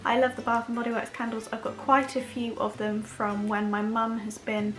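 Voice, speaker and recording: A young woman chatting to camera about her favourite products, rambling with quick self-deprecating asides. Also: on the high side, little pitch movement, fairly bright tone, faint music behind. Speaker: beauty vlogger. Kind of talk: casual chat to camera.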